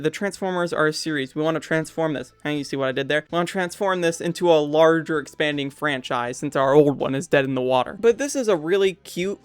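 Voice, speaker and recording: A young man with a fairly high, smooth, resonant voice talks through a movie review in casual, sarcastic commentary. The sound is dry and close, with faint music playing underneath. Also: dry recording. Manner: sarcastic, blunt.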